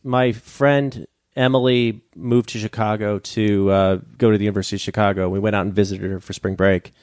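A man with a fairly low voice, chatting casually and telling laid-back anecdotes. The sound is dry and close, with no room echo. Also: level tone, a little fast, a little mellow, clear, resonant tone. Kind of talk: casual chat.

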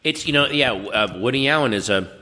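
A middle-aged man chatting casually, telling stories and acting out quotes, with a dry voice and frequent throat-clearing. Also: medium pitch, fast talker, long reverb tail, a crowd in the background. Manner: animated storyteller, acts out quotes. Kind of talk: casual chat.

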